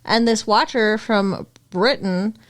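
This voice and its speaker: A woman's voice: medium pitch, slow. A woman co-hosting a casual chat podcast, blunt and teasing, who laughs often. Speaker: podcast co-host.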